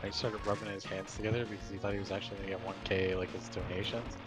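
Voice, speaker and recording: A man's voice: deep voice, little pitch movement, very fast, loud music behind the voice. A man in casual livestream chat, gleeful and mocking.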